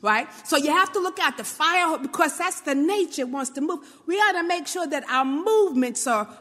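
A Brooklyn woman from New York gives a casual motivational talk in a big hall, speaking a little fast in a high, lively, pushed and bright voice. She keeps things conversational, often checks in with "right?", and acts out little quotes.

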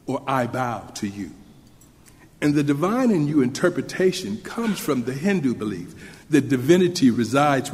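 A man delivers a sermon to a congregation, earnest and measured, sometimes asking the listeners questions. His voice sits at an ordinary middle pitch. The sound carries a long reverb from a large hall. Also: darkish tone. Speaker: minister.

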